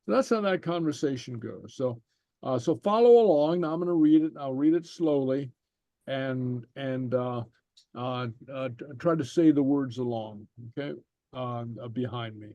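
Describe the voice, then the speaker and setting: A man teaching a Gaelic class online, reading slowly and patiently with lots of fillers. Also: medium pitch, warm tone, no echo, muffled recording. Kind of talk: online language lesson.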